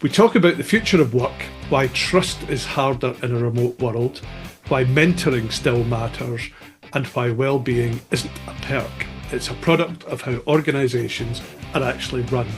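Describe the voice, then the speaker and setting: A man's voice: medium pitch, moderate pace, music in the background. A man with a Scottish accent hosting a podcast, chatting casually and teasing his guest. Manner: playful, teasing. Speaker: podcast host. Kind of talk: casual interview chat.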